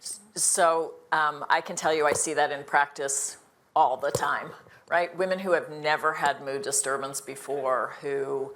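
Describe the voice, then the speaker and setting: A woman's voice: sits low, steady tone, a little slow, fairly bright tone. An older woman, an internist, speaking earnestly on a live panel, emphatic and full of restarts.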